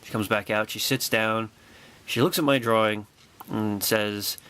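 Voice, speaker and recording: A man vlogging a personal anecdote with excitable, wry storytelling and a sarcastic edge. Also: on the low side, a little slow, clean tone.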